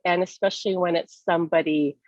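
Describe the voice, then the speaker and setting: A woman's voice: on the low side, fairly even intonation, a little fast, darkish tone, no room sound. Earnest woman telling a personal story. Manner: earnest, with frequent restarts. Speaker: interview guest. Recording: dull, lo-fi sound.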